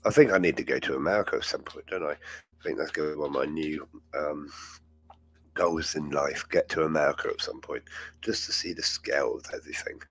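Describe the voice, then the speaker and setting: A man's voice: a bass voice, a little fast, slightly rough, no echo. A man hosting a live chat show, talking in a rambling, chatty way and laughing often. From England. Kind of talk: casual live-stream chat.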